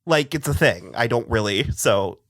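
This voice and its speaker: A man's voice: medium pitch, lively intonation, normal speed, fairly bright tone. A man co-hosting a TV recap podcast, chatting casually, rambling, trailing off mid-sentence and laughing often. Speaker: podcast co-host.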